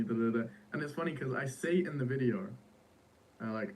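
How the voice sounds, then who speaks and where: A man's voice: medium pitch, fast talker, darkish tone, far from the mic, slight background noise, low-quality recording. A young man, founder of an AI startup, talking casually and slangily in an interview, full of "bro" and "like".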